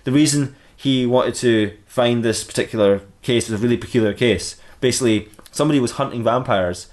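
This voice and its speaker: A man's voice: medium pitch, a little fast. A man improvising a comic story, rambling, laughing and correcting himself as he goes.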